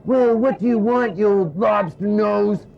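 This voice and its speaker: A man voicing a bossy puppet wife in a shrill, scolding voice, on a dull lo-fi recording. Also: a little slow, gravelly.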